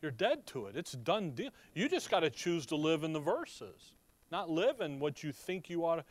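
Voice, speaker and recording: A man's voice: a little high, sing-song, normal speed, no room sound. A man with a slight Chicago accent teaching a Bible sermon, reading verses aloud and asking his listeners rhetorical questions in a conversational way. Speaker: preacher.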